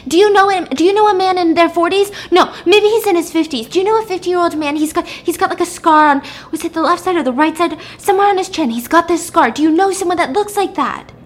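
A woman's voice: extremely high pitch, quick pace, few pauses, pitched above the performer's own voice. A woman voicing a frantic woman who urgently pleads with a stranger and keeps repeating herself. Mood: pleading.

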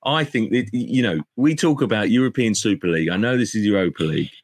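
A man's voice: on the low side, animated, fast, dry recording, studio quality. A man hosting a football podcast, steering the chat and handing over to the panel. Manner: leads the discussion, hands over to guests.

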